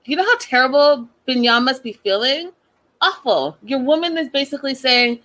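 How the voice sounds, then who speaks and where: A woman hosting a reality TV recap, giving sassy and animated opinions and repeating her points for emphasis. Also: sits high, moderate pace, rough recording. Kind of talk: casual opinionated commentary.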